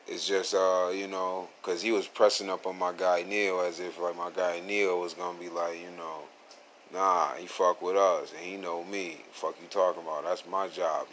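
A man's voice: deep voice, fairly bright tone, slight background noise. A man hosting his own podcast, telling a story from work in a boastful, streetwise, profane manner. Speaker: podcast host. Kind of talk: casual storytelling. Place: outdoors at a fair, at work. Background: faint outdoor ambience, people walking by.

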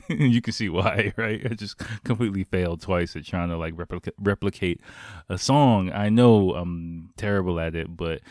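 Low-voiced profane rambling podcaster man. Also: normal speed, darkish tone, no echo, clean studio sound. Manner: rambling, profane, laughs often. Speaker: podcast host. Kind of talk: casual solo podcast chat.

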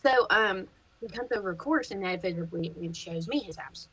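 A woman, a podcast guest, chatting casually and telling lively stories, swearing freely and laughing as she goes. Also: mid-range voice, fairly quick, breathy edge, rough recording. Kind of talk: casual chat, storytelling.

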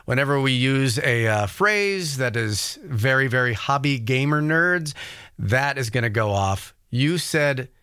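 Bright, animated male podcast co-host. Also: mid-range voice, clean tone, dry recording. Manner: teasing, quick interjections. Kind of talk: casual chat.

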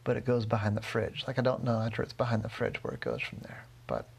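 A man voicing a calm, helpful male problem-solver in a bedtime story, measured and reassuring. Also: medium pitch, vocal fry, husky.

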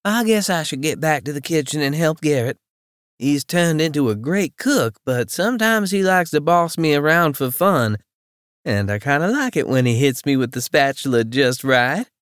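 A man's voice: a little high, lively intonation, moderate pace, smooth, no echo, studio quality, pitched above the performer's own voice, lightly acted. A man voicing a friendly, teasing young woman who gossips bluntly and freely. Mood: chatty.

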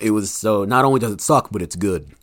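A man's voice: on the low side, fast talker, no room sound. A young man, a book's author, chatting casually as a podcast guest and acting out scenes from his story.

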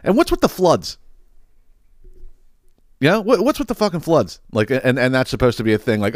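A man's voice: mid-range voice, huge pitch swings, moderate pace, long pauses, no echo, clean studio sound. A man hosting a podcast, ranting in a casual comedic way. He swears freely and laughs at his own stories. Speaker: podcast host.

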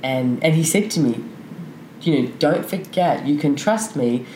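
A woman with a low, deep voice talks candidly as a podcast guest. She rambles through her thoughts with plenty of fillers. The room is echoey, with a faint hiss behind her. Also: lively intonation, unhurried, warm tone. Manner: open, frank, rambling with many fillers. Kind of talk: candid conversational interview.

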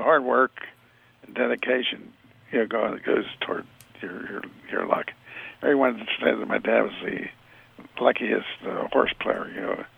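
An older man with a gravelly, husky, mid-range voice is interviewed over the phone as a retired football scout. He tells stories in a rambling, halting way with many restarts, and the phone line sounds tinny.

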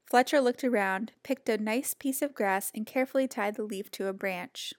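A woman reading a children's picture book aloud in a gentle, expressive storytelling voice. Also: mid-range voice, moderate pace, no room sound, clean studio sound.

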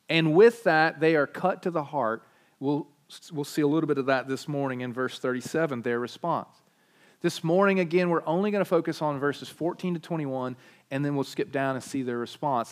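A man preaching a sermon, emphatic and repetitive, with frequent restarts. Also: fairly high pitch. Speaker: pastor.

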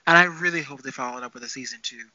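A man co-hosting a casual podcast chat reviewing a TV series, animated and quick to laugh. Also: medium pitch, dry recording. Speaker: podcast co-host. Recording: dull lo-fi sound.

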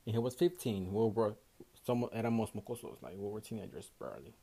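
A man's voice: lowish voice, lively intonation, fast, vocal fry, mellow, husky. A young man from Houston with a Mexican Spanish accent hosts a casual solo podcast, worn out after a night shift, swearing freely and switching between English and Spanish. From Houston, Texas, USA. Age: young adult. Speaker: podcast host.

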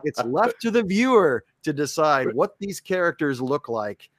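A man, a voice actor, talking casually as a podcast guest, enthusiastic and dropping into quick character voices. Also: on the high side, very animated, dry recording. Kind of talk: casual chat.

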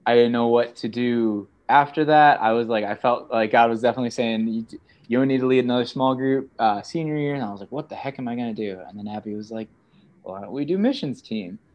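A young man in his twenties, a student guest in a casual chat, telling stories with animated put-on voices for quotes. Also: medium pitch, a little fast, dull audio. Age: 20s.

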